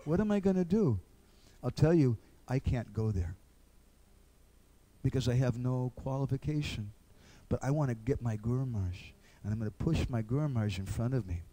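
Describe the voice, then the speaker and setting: A man's voice: medium pitch, warm tone. A man giving an earnest devotional lecture, acting out little dialogues.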